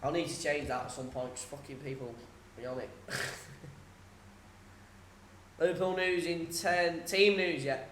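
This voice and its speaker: A young man runs a live football watchalong, reeling off scores between casual banter and laughs. His voice sits high for a man. The room around him is echoey. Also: slow, long pauses, a bit bright, a little hiss or hum. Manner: chatty, reads scores aloud, swears, laughs often. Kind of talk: live score commentary and chat.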